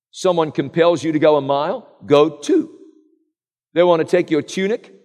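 Middle-aged male preacher, earnest rhetorical sermon, slightly high voice, long hall echo. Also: darkish tone. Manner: rhetorical, earnest, direct address.

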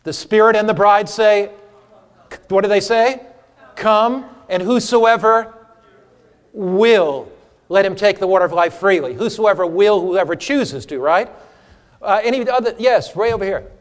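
A man teaching an interactive sermon to a church audience, humorous and animated, quizzing listeners for Bible verses. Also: high voice, measured pace, big-room sound. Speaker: preacher teaching a seminar. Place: church or hall before a live audience.

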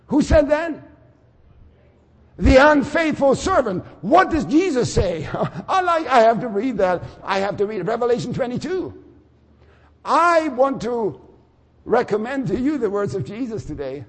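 An older man preaching a sermon, swinging from quiet musing to shouting. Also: high-pitched, very animated, normal speed, in a large hall.

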